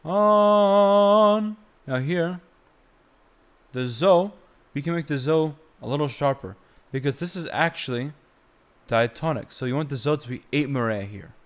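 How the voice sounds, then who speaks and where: A young man teaching chant on a live stream, explaining slowly and breaking into short sung phrases. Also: mid-range voice. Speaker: music teacher.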